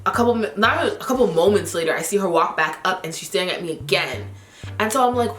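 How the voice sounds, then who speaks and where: A woman vlogger telling stories to her viewers in a chatty, animated way, full of filler words. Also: medium pitch, fast talker, echoey room, soft background music. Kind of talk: casual storytelling to camera.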